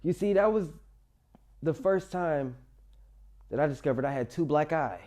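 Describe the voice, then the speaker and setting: Young man, motivational storyteller, warm low-key timbre, emotional personal monologue. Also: expressive, moderate pace. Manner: emotional, rises loud then drops quiet.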